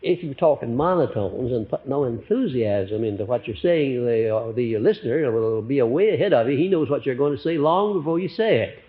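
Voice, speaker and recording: An older man giving a live motivational lecture to an audience, animated, swinging between loud emphatic lines and quiet ones, with frequent fillers. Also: medium pitch, normal speed, hardly any pauses. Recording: muffled 1950s lecture recording.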